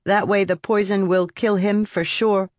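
A narrator voicing a haunted young girl who speaks in a flat, cold monotone. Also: medium pitch, measured pace, no echo, clean studio sound, voice pushed up, lightly acted.

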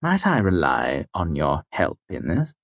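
Using a full character voice, a man reads an audiobook as a weary, irritable middle-aged mayor, curt, brusque and exasperated. The voice is low and creaky with wildly swooping pitch at a measured pace, and there's no room sound.

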